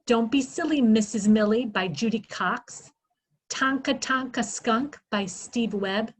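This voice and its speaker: A woman giving a literacy workshop, sounding out phonemes slowly and asking questions she answers herself. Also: on the high side, rough recording. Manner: slow, exaggerated sounding-out of phonemes; asks questions then answers them herself. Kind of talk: instructional presentation.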